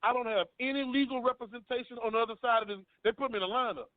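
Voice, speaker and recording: A man's voice: very high voice, racing, no room sound. A man on a talk panel, earnestly telling a long personal story and often repeating himself. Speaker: panel guest. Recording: dry phone-line sound.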